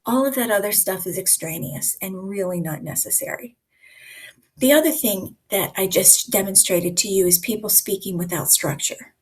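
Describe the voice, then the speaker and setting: A woman leading a live online communication coaching session in a lively, conversational way, often acting out examples for her listeners. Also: medium pitch, normal speed, slightly rough. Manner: lively, conversational teacher who acts out examples.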